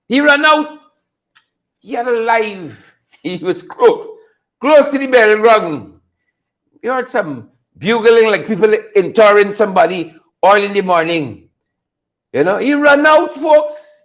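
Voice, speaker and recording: A man's voice: high voice, fairly bright tone. A man hosting a casual political commentary show, teasing, laughing often and repeating his phrases. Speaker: host.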